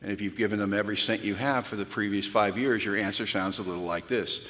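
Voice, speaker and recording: Guy telling funny stories on himself at a retreat, bright forceful voice, big echoey hall. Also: fairly low pitch, quick pace. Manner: animated, self-mocking storyteller. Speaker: recovery meeting speaker. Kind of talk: storytelling talk at a retreat. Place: large event hall. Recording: long hall reverb from a large venue.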